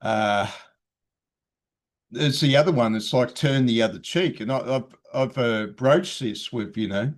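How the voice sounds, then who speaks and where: A man joining an online discussion, talking casually and haltingly with many fillers and some throat clearing. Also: medium pitch. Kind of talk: casual chat.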